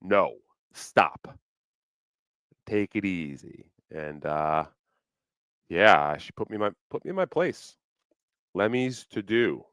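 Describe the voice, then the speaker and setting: Deep-voiced man rambling on a livestream. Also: very animated, takes it slowly, long pauses, a bit bright, smooth, no room sound, studio quality. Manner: loose, profane, rambling with fillers. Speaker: livestream host. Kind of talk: casual livestream chat. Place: home, New York City.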